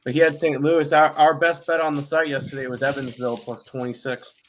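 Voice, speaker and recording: A man co-hosting a sports betting show, relaxed, reading out viewers' picks in casual chat. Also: a little high, a little fast, slight background noise. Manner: easygoing, reads out viewers' picks. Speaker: co-host.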